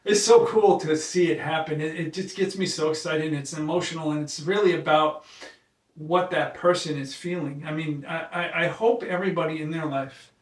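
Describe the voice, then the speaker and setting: Earnest, emotional stories come from a man who founded a company and works as an occupational therapist, told in casual conversation with many halting restarts. His pitch is fairly high and his intonation fairly even, and the audio has the echo of a room with a faraway mic.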